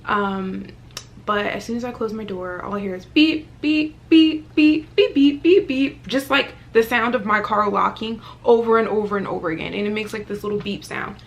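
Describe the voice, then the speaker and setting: A woman in her twenties telling a casual storytime vlog, animated and full of fillers. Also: mid-range voice, fairly quick, vocal fry. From Virginia, US. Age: 20s. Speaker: vlogger.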